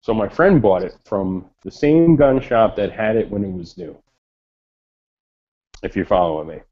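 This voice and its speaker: A man telling a story in a casual chat, animated and swearing freely. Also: lowish voice, moderate pace. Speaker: chat participant. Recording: lo-fi online voice chat.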